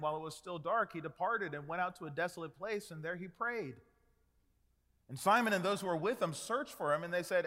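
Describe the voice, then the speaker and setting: A man preaching a sermon, animated, acting out quoted voices and dropping to hushed tones. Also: fairly high pitch. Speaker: pastor. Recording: long hall reverb.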